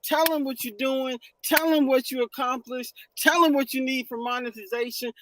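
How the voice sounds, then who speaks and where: A man hosting a livestream, chatting loudly and laughing, hyping up his guests. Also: very high-pitched, steady tone, moderate pace, background noise. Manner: loud, laughing, hyped. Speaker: livestream host. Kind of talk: casual chat.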